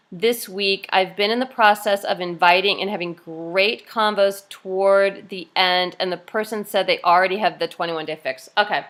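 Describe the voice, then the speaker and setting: A woman's voice: medium pitch, a bit bright. A woman coaching her team on a video call, chatty and upbeat, acting out cheerful quotes now and then.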